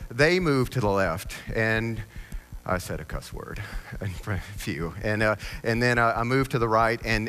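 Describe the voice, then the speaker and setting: A man giving a personal storytelling talk on stage, rambling and halting, with self-deprecating humor. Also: medium pitch, pushed and bright. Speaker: conference speaker. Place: on stage before an audience.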